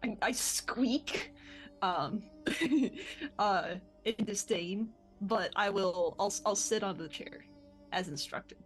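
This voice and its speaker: A woman's voice: medium pitch, faint music behind. A woman playing in a tabletop game, playful and joking. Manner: playful, laughing, unhurried. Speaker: player.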